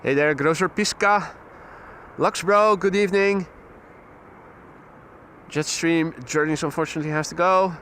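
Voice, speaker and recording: A Dutch man hosting a live plane-spotting stream outdoors beside an airport runway, giving steady, informative commentary on arriving flights. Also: a little high, measured pace, pauses often, slight background noise. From Netherlands. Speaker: plane-spotting livestream host.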